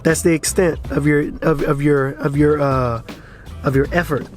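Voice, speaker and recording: A man's voice: fairly high pitch, steady tone, moderate pace, faint music behind. A man ranting casually to camera as a crypto vlogger, frustrated and blunt, swearing freely and urging his viewers again and again.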